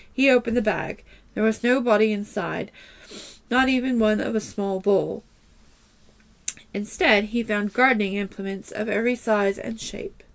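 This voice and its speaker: Storyteller: a woman reading a kids' mystery aloud, mid-pitched, plain delivery, a few restarts. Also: creaky.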